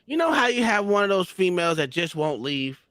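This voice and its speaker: A man hosting a casual podcast, telling profane stories loudly and laughing through them. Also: sits high, big pitch swings, fairly quick, clean tone, no echo. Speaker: podcast host. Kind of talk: casual crude storytelling.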